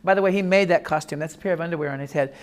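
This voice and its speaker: Animated older-sounding man telling funny stories. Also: fairly high pitch, very fast, clear, resonant tone. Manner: animated storyteller, lively jokes, acts out voices. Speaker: speaker. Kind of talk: humorous personal talk. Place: classroom or lecture room.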